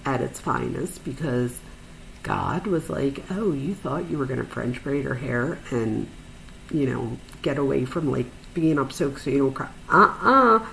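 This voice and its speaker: A woman with a low, gravelly voice tells a personal story on a podcast. She talks in an animated, chatty way, full of fillers, and jumps up high for quoted asides. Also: measured pace, a little hiss or hum, rough recording. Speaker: podcast host, psychologist.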